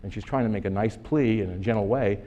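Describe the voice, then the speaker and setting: In a conference hall, a man gives a lecture presentation that is emphatic and sarcastic, full of rhetorical questions. He talks fast in a warm, lowish voice, and the sound is lo-fi.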